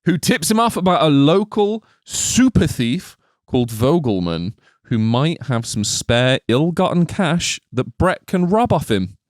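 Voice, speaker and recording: A man's voice: on the high side, sing-song, dry recording, studio quality. A man co-hosting a film podcast, teasing his co-host and swearing freely. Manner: teasing, quick banter, swearing. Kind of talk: casual film review chat.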